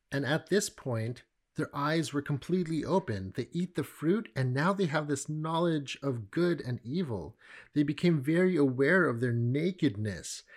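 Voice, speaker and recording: Conversational middle-aged Bible teacher. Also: male voice, mid-range voice. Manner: conversational, animated storytelling.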